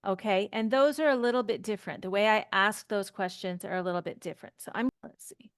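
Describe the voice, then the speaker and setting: A woman's voice: mid-range voice, fast, smooth, no echo, studio quality. A woman teaching English grammar, explaining patiently step by step with example sentences. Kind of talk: slow grammar lesson.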